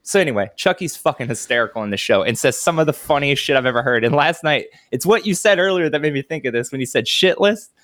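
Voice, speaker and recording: A man's voice: medium pitch, lively intonation, a bit bright, dry recording, clean studio sound. A man in casual chat as a podcast co-host, swearing often and laughing at stories. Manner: profane, laughing, quick to react.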